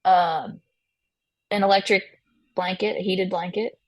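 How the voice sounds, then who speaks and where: A woman's voice: mid-range voice, steady tone, measured pace, darkish tone, dry recording. A woman musician as a podcast guest, chatting casually, with many fillers and restarts and frequent laughter. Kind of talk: casual interview chat.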